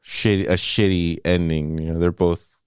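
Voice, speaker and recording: A man with a deep, smooth voice recaps a film for a podcast in a loose, profane way. He jumps into acted-out quotes as he goes. The recording is dry and close. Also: little pitch movement, moderate pace, dry recording. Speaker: podcast co-host. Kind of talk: casual movie-review chat.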